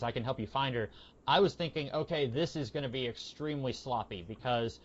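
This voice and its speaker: A man's voice: mid-range voice, fairly quick. A man casually reviewing comics on a podcast, rambling with fillers and acting out quoted lines. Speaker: podcast co-host. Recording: dull lo-fi podcast audio.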